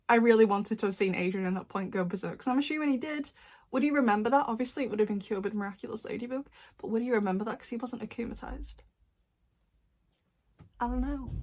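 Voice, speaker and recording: A young woman, chatting casually as a fan reviewer, laughing often and adding quick asides. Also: on the high side. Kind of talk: casual chat. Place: dim room at home.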